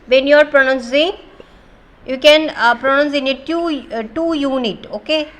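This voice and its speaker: A woman's voice: high-pitched, moderate pace. A woman teacher with an Indian English accent, explaining word stress in a classroom lesson and repeating example words for drill.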